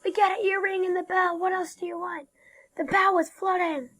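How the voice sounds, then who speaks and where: A woman's voice: extremely high pitch, little pitch movement, normal speed, fairly bright tone. A young woman hosting a gameplay video, chatting and joking dramatically about what happens in the game. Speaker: gaming video host. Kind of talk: casual gameplay commentary.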